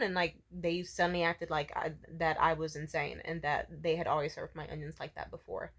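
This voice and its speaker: A woman's voice: steady tone, fairly quick, hardly any pauses, fairly bright tone. A woman telling a story in a casual rant, swearing freely and acting out what people said in raised voices. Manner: profane, exasperated, acts out quotes in high voices.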